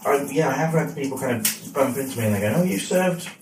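A man's voice: mid-range voice, fast. A man, a comedian guest, chatting in a dry, self-deprecating, rambling way in his home kitchen. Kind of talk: casual interview chat. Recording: roomy kitchen, distant mic, faint noise.

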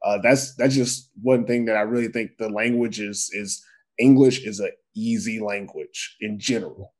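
A man with an American accent talking at length in a casual chat, relaxed and full of everyday slang. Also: fairly low pitch, normal speed.

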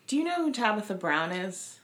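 A woman co-hosting a casual podcast, telling stories in an animated, teasing way. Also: mid-range voice, fairly quick. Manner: animated storyteller, dry and teasing. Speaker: podcast co-host. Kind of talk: casual chat. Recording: roomy echo.

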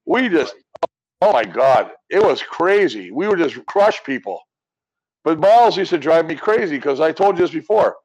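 A man, a former offensive lineman co-hosting a casual sports chat, telling rambling, animated stories. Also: on the high side, moderate pace, husky, highs cut off. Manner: rambling storyteller, animated tangents.

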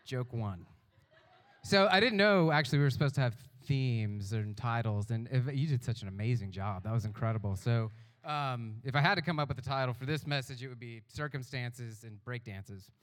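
A man's voice: medium pitch, moderate pace, fairly bright tone. A man preaching a casual, jokey testimony sermon in a church auditorium on a stage mic, self-mocking and rambling, a little out of breath. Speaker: guest speaker. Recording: reverberant hall.

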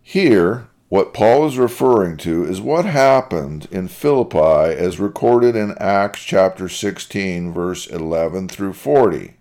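A man's voice: sits low, expressive, a little mellow. A man giving a methodical Bible study lecture, reading verses aloud and explaining them point by point. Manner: deliberate, methodical, reads quotes aloud. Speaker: Bible teacher.

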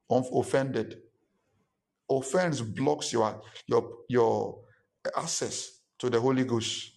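A man's voice: medium pitch, a little mellow. Emphatic male pastor preaching. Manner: emphatic and repetitive, acts out quoted listeners. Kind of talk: sermon.

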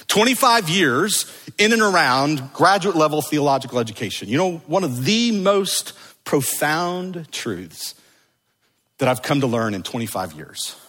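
A middle-aged man preaching a sermon to a church congregation, moving between urgent emphasis and hushed, slow repetition. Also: medium pitch. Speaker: pastor. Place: church sanctuary. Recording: long hall reverb.

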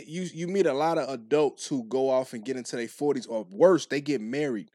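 A man's voice: mid-range voice, brisk, dark tone, no room sound, studio quality. A man co-hosting a podcast, talking in a laid-back, profane way as he philosophizes about relationships. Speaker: podcast co-host. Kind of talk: casual chat.

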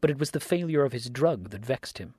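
A man's voice: mid-range voice, lively intonation, brisk, dark tone, husky, dry recording, clean studio sound. Grave man reading a mystery story. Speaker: story reader.

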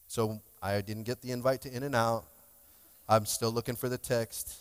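Pastor preaching in an echoing hall. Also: male voice, medium pitch, brisk, clear, resonant tone. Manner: conversational and emotional, jokes with the congregation. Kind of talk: sermon. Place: church sanctuary. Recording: long hall reverb.

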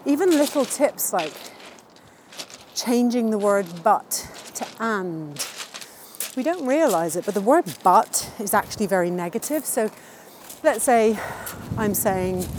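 A woman's voice: medium pitch, lively intonation, a little slow, darkish tone, a little hiss or hum, poor audio. A woman answering interview questions in a casual, upbeat and chatty way, laughing now and then at her own wordplay. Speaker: interviewee sharing wellbeing tips.

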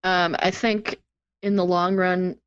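A woman co-hosting a podcast, dropping in quick comments. Her voice is fairly low for a woman. The recording sounds dull and dry. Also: flat delivery, smooth, no echo. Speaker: podcast co-host. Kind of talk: casual podcast chat.

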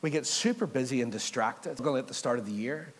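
A man's voice: medium pitch, expressive, quick pace, husky. A man, preaching a casual sermon, joking and asking the congregation questions. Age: 30s. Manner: chatty, joking, asks the crowd questions. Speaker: pastor. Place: church hall. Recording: long hall reverb.

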